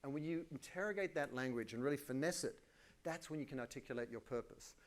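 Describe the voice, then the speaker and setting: A middle-aged Australian man giving a live conference keynote, energetic and colloquial, with self-deprecating asides. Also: mid-range voice, fast. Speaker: keynote speaker.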